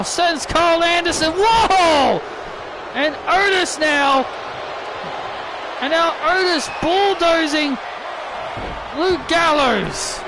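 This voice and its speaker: A man doing excitable play-by-play wrestling commentary over a video game, repeating himself and bursting into shouts. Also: very high-pitched, background noise.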